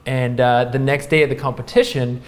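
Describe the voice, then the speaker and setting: A man in his thirties, a guest in a casual interview, telling a story in a lively way with many fillers. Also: medium pitch, fairly quick. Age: 30s. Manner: animated, laughing, filler-heavy storytelling. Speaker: guest, pro snowboarder.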